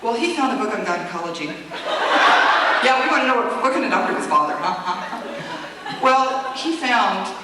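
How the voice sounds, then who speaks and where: A woman at a convention Q&A telling set stories in a casual, animated way, laughing often and acting out quotes. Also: medium pitch, moderate pace, pauses often. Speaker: convention guest speaker. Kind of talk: casual storytelling Q&A. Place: convention hall. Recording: echoey hall recorded from far off, noisy.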